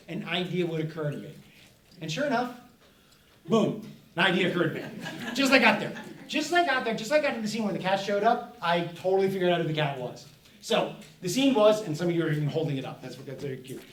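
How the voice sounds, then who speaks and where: A middle-aged man, an author, giving a playful, storytelling presentation to children at a festival. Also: a little high. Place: festival event room. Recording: echoey room, speaker far from mic, faint noise.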